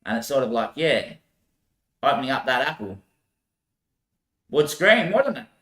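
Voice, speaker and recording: A man rambling through a loose, laughing monologue with casual swearing. His voice is bright and carries a roomy echo. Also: medium pitch, sing-song, unhurried.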